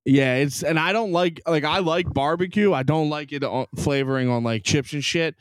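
A man's voice: a little high, normal speed, dry recording. A man co-hosting a podcast, chatting casually, teasing and arguing with heavy swearing. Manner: profane, teasing, argumentative. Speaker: podcast co-host. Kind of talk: casual banter.

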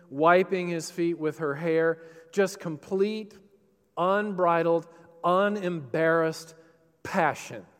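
A man preaching a sermon, swinging between loud, passionate emphasis and hushed, tender quoted lines. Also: on the high side, clear, resonant tone. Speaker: pastor. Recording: long hall reverb.

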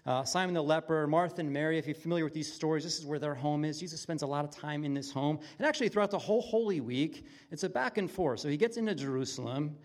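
A man preaching a conversational sermon in an earnest, plain-spoken way, his voice dropping from lively emphasis to hushed, intimate tones. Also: a little high, fast, few pauses. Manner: earnest, swings from loud excitement to near-whisper intimacy. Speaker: pastor.

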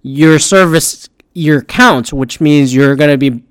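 A sarcastic man rants in crude, swear-laden commentary like a podcast host. His voice sits a little higher than most men's. The sound is dry and close, with almost no room in it. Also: slow, smooth, no room sound. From Pacific Northwest. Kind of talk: profane ranting commentary.

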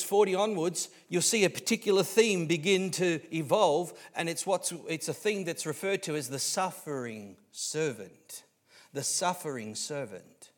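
A man with an Australian accent preaching a sermon as pastor, swinging between hushed lines and loud, emphatic ones, often restarting his words. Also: high-pitched. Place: church.

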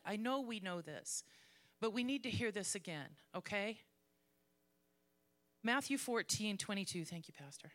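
A woman's voice: mid-range voice, animated, measured pace, a bit bright. A woman preaching a conversational, self-mocking sermon in church and reading scripture aloud. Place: church sanctuary.

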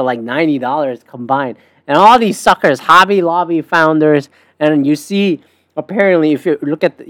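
A woman's voice: on the low side, dry recording. A woman podcast host delivering a casual, profane, sarcastic rant. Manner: profane, sarcastic, animated ranting with swings between loud and muttered.

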